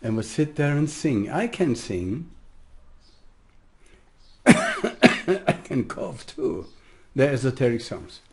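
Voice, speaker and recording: A man with a German accent giving a rambling spiritual talk as a teacher, laughing often and swinging from soft asides to loud declarations. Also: medium pitch, huge pitch swings, slow, pauses often.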